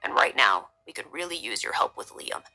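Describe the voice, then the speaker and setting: A woman doing a firm young father, lowered voice. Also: a little fast, soft background music, heavily acted. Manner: firm, steady. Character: determined young father, male.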